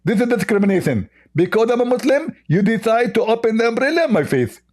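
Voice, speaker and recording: A man's voice: very high voice, very animated, fast talker, a little mellow, voice pushed up. A man voicing a mocking caricature of a male Muslim debater, whiny, indignant and exaggerated. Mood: smug.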